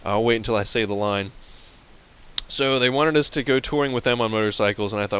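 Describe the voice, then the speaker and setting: A man's voice: fairly low pitch, lively intonation, brisk, fairly bright tone, slight background noise, poor audio. A man from Pennsylvania commenting on a game and telling a rambling story to viewers in a casual, chatty way. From Pennsylvania, USA. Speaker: let's play host.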